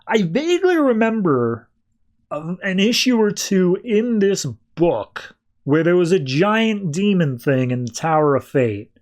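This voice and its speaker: A man's voice: sits high, big pitch swings, a little slow. Casual man recapping a comic. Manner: loose and conversational, full of "like" and "uh". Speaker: podcast host.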